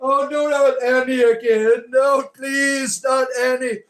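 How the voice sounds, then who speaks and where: A man's voice: very high voice, level tone, slow pace, pitched above the performer's own voice. A man acting out a mock exorcism, playing someone possessed by a female demon, wailing and pleading in panic. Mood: panicked.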